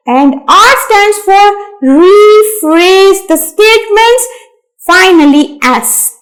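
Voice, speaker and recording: A woman teaching a lesson to young children, speaking slowly and emphatically, repeating key words and calling her listeners "my dear students". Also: sits high, rough recording.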